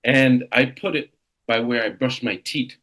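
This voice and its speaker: A man in his fifties, a real estate coach, leading a motivational coaching session with an animated, exclamatory delivery. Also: mid-range voice, a little slow. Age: 50s. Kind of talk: coaching seminar.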